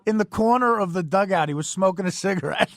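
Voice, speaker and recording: A man's voice: high voice, quick pace. A man co-hosting late-night radio, a comedian telling rambling stories and laughing often.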